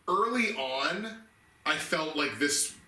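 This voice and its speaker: A man co-hosting a casual movie chat, excitable and laughing, with many restarts. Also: a little high, takes it slowly, echoey room, distant mic, poor audio. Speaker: podcast co-host ranking movies.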